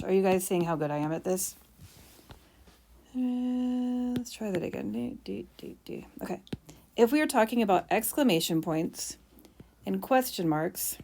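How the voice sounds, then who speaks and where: A woman teacher explaining punctuation while writing, with playful mock bragging asides. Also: mid-range voice.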